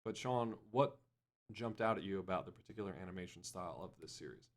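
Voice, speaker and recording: Low-voiced man hosting a podcast. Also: fast. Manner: laughing, leads the discussion. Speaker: podcast host. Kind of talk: casual podcast chat.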